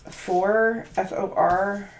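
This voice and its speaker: A woman's voice: mid-range voice, steady tone, very slow, reverberant, a little hiss or hum. A woman doing a channeled tarot reading, musing aloud and free-associating letters, numbers and words. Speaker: tarot reader.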